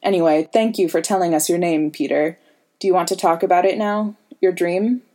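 A woman voicing a weary, kind adult man locked in a prison cell, speaking quietly and steadily. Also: fairly low pitch, fairly even intonation, a little fast, natural voice.

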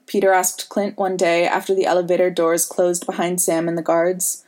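A woman narrating a fan fiction story in a steady storytelling manner. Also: on the low side, normal speed, hardly any pauses. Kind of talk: fan fiction audiobook reading.

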